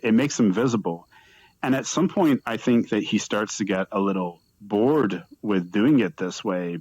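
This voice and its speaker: A man's voice: on the low side, dry recording, rough recording. A man giving a live lecture, telling a story and acting out the quoted lines of the people in it. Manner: animated storytelling, acts out quoted speech. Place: virtual reality event.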